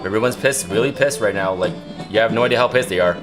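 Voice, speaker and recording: A man's voice: on the low side, fast, over music. A young man casually telling a rambling story to his livestream viewers, repeating himself as he goes. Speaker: livestream host.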